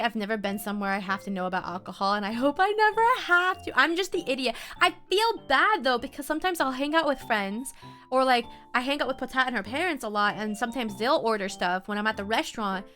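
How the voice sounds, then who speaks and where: Giggly bright-voiced young woman streamer. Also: a little high, fairly quick, faint music behind. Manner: giggly, chatty, often laughing; reads and answers chat messages. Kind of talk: casual live-stream chat.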